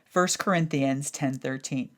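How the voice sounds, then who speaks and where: A woman hosting a podcast, telling a personal story in an animated, casual way that sometimes includes swearing. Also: rumbling low, unhurried. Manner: animated, acts out her own thoughts in a raised voice, swears casually. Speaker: podcast host.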